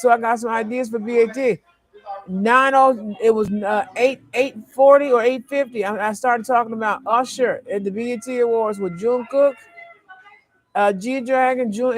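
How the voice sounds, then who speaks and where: A man's voice: very high voice, no room sound. A man delivering a rambling, stream-of-consciousness spiritual monologue to his followers, often repeating himself. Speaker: vlogger.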